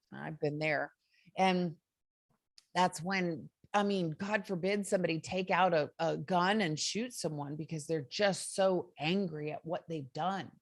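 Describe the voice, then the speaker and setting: A woman's voice: on the low side, no echo, studio quality. A woman hosting a motivational self-help talk, earnest and conversational, with many fillers. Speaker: host.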